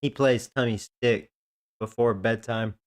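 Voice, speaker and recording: A man's voice: medium pitch, steady tone, measured pace. A man casually commentating a video game, rambling and joking with frequent laughs. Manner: rambling, jokey, laughs often. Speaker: gaming streamer.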